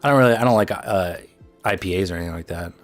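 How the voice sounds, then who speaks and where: A young man with a Chicago accent talks in a low voice, rambling casually to viewers as a livestream host. He speaks bluntly and fills gaps with "like" and "um". Faint music plays behind him. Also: racing. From Midwest United States. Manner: loose and chatty, full of fillers and blunt asides.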